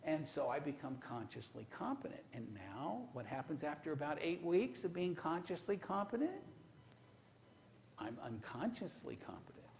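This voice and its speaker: A man preaching in church with a heavily gravelly, creaky voice pitched a little high. He tells homespun stories and keeps turning to the congregation with rhetorical questions. A faint hiss of noise runs under him. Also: big pitch swings, moderate pace, low-quality recording. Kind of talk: sermon.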